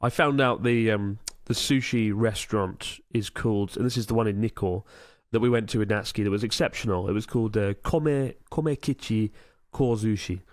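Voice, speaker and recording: A podcast co-host chats casually, sharing anecdotes in a loose, conversational style. His voice is on the low side at a normal speed. The studio sound is clean with no echo.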